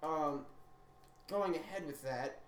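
A man's voice: on the high side, slow pace. A young man co-hosting a casual podcast, telling stories with lots of swearing and acting out the people he quotes. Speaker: podcast co-host. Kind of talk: casual chat. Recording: echoey room, distant mic, faint noise.

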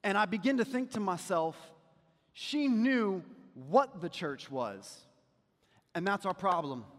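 A man preaching a sermon as a pastor, talking to the congregation in a conversational way and dropping to a quiet storytelling voice for anecdotes. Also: high voice, animated, takes it slowly, big-room sound. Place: church sanctuary.

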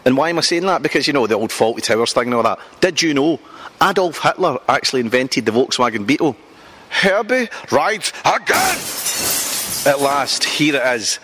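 A Scottish man hosting a comedy street interview by a loch, chatty and teasing, with quick asides. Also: medium pitch, animated, sharp tone, a little hiss or hum. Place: outdoors by a loch.

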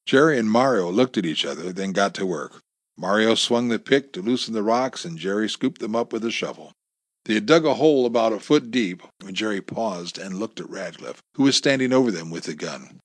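Low-voiced man narrating a thriller. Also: animated, dry recording, clean studio sound. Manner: measured storytelling, all voices by himself. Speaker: audiobook narrator.

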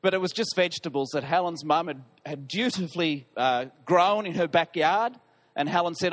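High-voiced pastor telling stories. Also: male voice, moderate pace. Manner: animated, self-deprecating storytelling. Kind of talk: sermon with a personal story.

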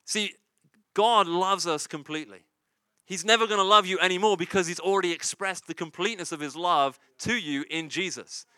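A pastor with a high, sharp voice preaches at a normal speed in a conversational style, frequently saying "right?" and "you see" and repeating key lines for emphasis. The recording is dry.

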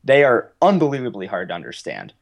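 A man's voice: on the low side, huge pitch swings, quick pace, creaky. Casting: young man, Philly accent, casual podcast guest, rambling and self-mocking. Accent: Philadelphia. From United States.

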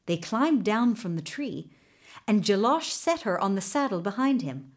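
A woman telling a folktale aloud in a measured, expressive way. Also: mid-range voice. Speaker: storyteller.

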